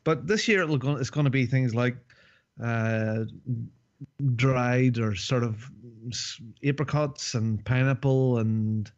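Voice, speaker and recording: A man's voice: mid-range voice, takes it slowly, darkish tone, highs cut off. A man in a casual podcast chat, rambling and hesitant with lots of ums.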